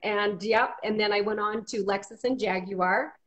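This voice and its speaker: A woman's voice: mid-range voice, fairly even intonation, moderate pace, a bit bright. A woman being interviewed as a guest, telling personal stories in a chatty, upbeat way over a video call. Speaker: guest, marketing company president. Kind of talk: casual interview storytelling. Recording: dull lo-fi call audio, faint noise.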